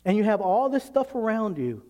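A man's voice: sits high, very animated, moderate pace, warm tone. A man preaching a sermon in a conversational way, asking the congregation questions and acting out little scenes. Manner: conversational preaching, rhetorical questions, acts out voices. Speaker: pastor.

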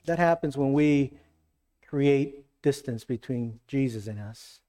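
A man preaching a sermon in an earnest, emphatic way, acting out quoted lines with shifts in pitch and pace. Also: takes it slowly, dark tone. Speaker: pastor.

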